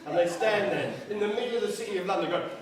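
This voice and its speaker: A male comedian telling an animated, swearing stand-up story at a live event. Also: high-pitched, quick pace, a crowd in the background. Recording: echoey live venue, distant mic, audience laughter.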